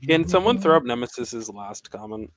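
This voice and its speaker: Man, casual co-host chat, rambling, mid pitch. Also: lively intonation, normal speed, over a noisy crowd. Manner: rambling, frequent restarts and laughs. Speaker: podcast co-host. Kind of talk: casual chat while watching gameplay.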